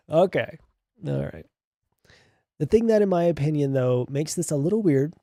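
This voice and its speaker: Male streamer, slightly higher pitch, mellow tone, dry close sound; reads posts aloud with sarcastic, laughing asides. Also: dry recording. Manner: sarcastic, laughs often, swears. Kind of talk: reading posts aloud and reacting.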